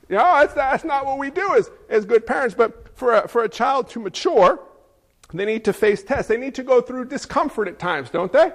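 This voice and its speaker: A man's voice sits high for a man as he preaches a sermon. He is middle-aged and talks in an animated, conversational way. He often turns aside to question the congregation directly. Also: a little fast, big-room sound. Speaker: pastor.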